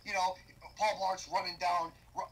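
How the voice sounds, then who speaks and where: A young man tearing into a bad film in a profane comedic rant. His voice is bright and forceful, and he talks in loud, exasperated bursts full of cursing. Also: sits high, little pitch movement, normal speed, a little hiss or hum, rough recording. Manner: loud, exasperated, heavy swearing. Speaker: movie reviewer.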